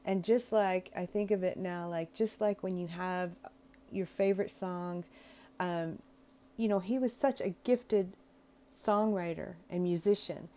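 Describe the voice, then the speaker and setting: A woman speaking in a low, mellow voice, giving an informal talk on prayer. She is gentle and reflective, and she often pauses to search for the right words as she explains.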